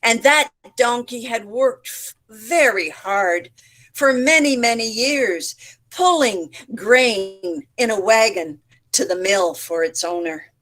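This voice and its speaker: Slow, expressive woman storyteller. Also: on the high side. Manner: expressive, acts out voices and sounds. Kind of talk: participation storytelling for teachers. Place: home setup, online session. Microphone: video call.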